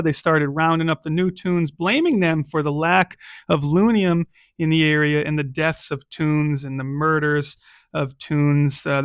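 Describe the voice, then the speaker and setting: A man's voice: on the high side, a bit bright, dry recording, studio quality. A man narrating a solo tabletop game recap as game master, loose and conversational. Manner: loose, conversational, checks in with "right?".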